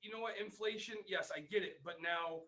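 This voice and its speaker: A man co-hosting a casual podcast, heated and excitable, swearing often as he argues. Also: sits high, brisk, a little hiss or hum, low-quality recording. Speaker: podcast co-host. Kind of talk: casual argumentative chat.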